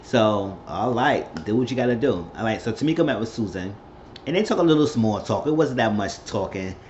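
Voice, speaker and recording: Speaking briskly and with animation, a man with a lowish, darkish voice recaps a reality show episode for his vlog. He wanders through the story and performs the quotes, over slightly dull lo-fi audio with a little hiss or hum.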